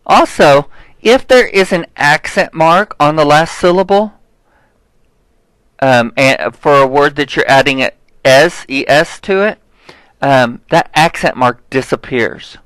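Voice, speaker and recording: A man teaching a Spanish lesson, explaining grammar step by step and checking in with "okay?", saying example words slowly. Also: a little high, animated, a bit bright, clean tone, dry recording, poor audio. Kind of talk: recorded classroom lesson.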